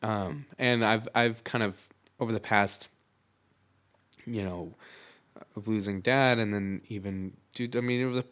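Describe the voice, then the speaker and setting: A man's voice: on the low side, fairly even intonation, a little slow, fairly bright tone. A man talking candidly in a casual podcast chat, swearing freely and filling his talk with likes and you-knows.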